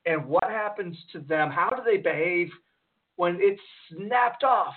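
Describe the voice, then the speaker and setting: A man's voice: sits high, lively intonation, unhurried. A man co-hosting a casual political talk radio show, rambling and searching for words as he poses rhetorical questions. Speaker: radio co-host. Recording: tinny phone-like line.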